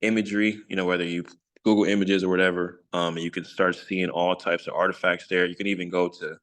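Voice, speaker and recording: A man's voice: low voice, little pitch movement, fast talker, a bit bright. A man teaching an informal scripture study, rambling and self-correcting with jokes along the way. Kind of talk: casual online study lesson.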